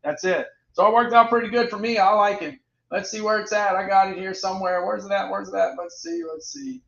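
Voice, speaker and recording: A chatty man runs a casual product livestream, often repeating his phrases as he reads out prices and ratings. His voice sits high and sounds bright and forceful. The recording is roomy and dull, with a lo-fi edge. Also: level tone, quick pace, creaky.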